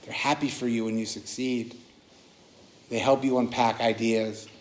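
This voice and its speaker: A man teaches meditation in a relaxed, earnest way and often restarts his sentences. His voice sits at an ordinary mid pitch and rings with the echo of a roomy hall. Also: measured pace, slight background noise. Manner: casual and earnest, with many restarts and "like". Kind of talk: dharma talk at a retreat.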